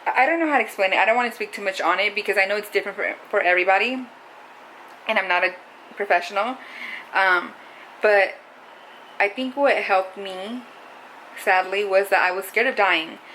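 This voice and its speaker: A woman's voice: mid-range voice, brisk, long pauses, sharp tone, slight background noise, low-quality recording. A young adult woman talking to camera in a casual, confessional vlog, rambling and saying "like" a lot. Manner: rambling, heavy use of "like". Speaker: vlogger.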